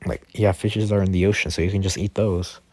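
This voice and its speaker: A man voicing a calm, persuasive male head of a school and defense force, in a low-key, hesitant way with many fillers. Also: a little fast, no echo. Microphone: Discord voice chat.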